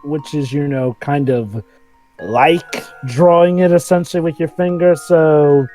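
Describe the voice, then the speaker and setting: A man's voice: fairly high pitch, fairly even intonation, a little slow, dark tone, soft background music. A man co-hosting a game let's play, chatting and explaining in an easygoing way. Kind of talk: casual game commentary.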